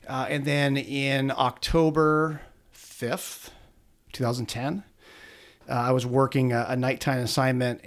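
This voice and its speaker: A middle-aged police officer recounts a hard experience to an interviewer in plain conversation. His delivery is earnest and halting, with frequent fillers and repeated starts. His voice sits at an ordinary middle pitch. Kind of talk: conversational interview, personal story.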